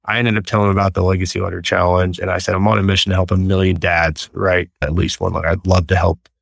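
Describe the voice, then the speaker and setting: A man's voice: sits low, fast, vocal fry, dry recording. A middle-aged man from Texas, telling stories earnestly as an interview guest. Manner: earnest, animated storyteller. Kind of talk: storytelling interview.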